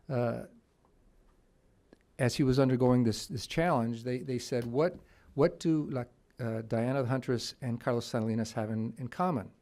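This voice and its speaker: A man presenting at a policy conference, telling anecdotes in a halting way with many restarts. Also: mid-range voice, dark tone. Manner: storytelling with quoted voices. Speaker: conference panelist. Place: conference room.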